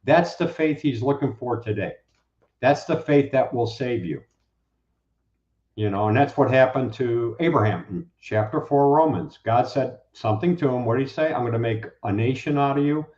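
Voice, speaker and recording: A man talking as a guest, preaching in a casual, animated way and acting out the people he quotes. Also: medium pitch, normal speed. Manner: animated, acts out quoted speakers. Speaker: guest, Bible teacher. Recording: roomy, dull lo-fi sound.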